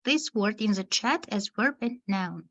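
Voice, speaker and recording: A woman teacher trainer giving an online lesson to teachers, speaking slowly and deliberately, pausing between words to show where the stress falls. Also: medium pitch, expressive, a bit bright, lo-fi sound.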